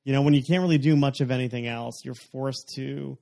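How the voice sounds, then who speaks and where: A man's voice: medium pitch, fairly even intonation, a little fast, vocal fry, warm tone. A young adult man hosting a casual chat, rambling with lots of fillers. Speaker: podcast host.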